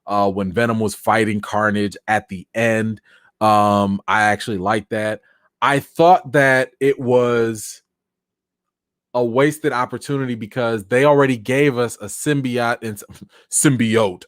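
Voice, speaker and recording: A man hosting a casual live chat, answering viewer comments in an animated, talkative way, and by now tired, with his voice wearing out. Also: lowish voice, no room sound, clean studio sound. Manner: animated, chatty, thanks viewers by name. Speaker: live-stream host.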